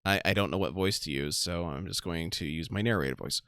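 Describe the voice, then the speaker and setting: A woman streamer chatting quietly and offhandedly during a live game stream. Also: extremely low pitch, fairly quick, few pauses, smooth, no room sound.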